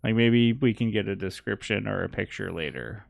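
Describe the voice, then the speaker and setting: A man's voice: on the low side, normal speed, creaky, no room sound. Man doing a fussy little gnome shopkeeper. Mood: chatty. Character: small male gnome shopkeeper, fussy and chatty.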